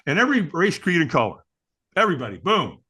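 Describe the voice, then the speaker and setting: A man guest on an interview show, telling a personal story with lively, acted-out quotes and frequent restarts. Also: fairly high pitch, fast, husky. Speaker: guest, firewalk instructor.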